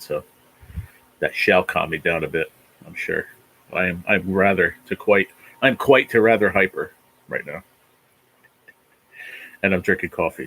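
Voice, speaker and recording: A man in his forties from New Jersey hosts a rambling, profane livestream, chatting casually and reading viewer comments aloud. His voice sits low and a bit bright, with a breathy edge, and the recording quality is poor.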